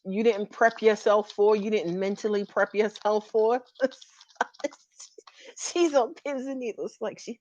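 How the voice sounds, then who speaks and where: A woman doing a live-stream tarot reading, sassy and animated and laughing often. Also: mid-range voice, unhurried, long pauses, no room sound, lo-fi sound. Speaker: tarot reader.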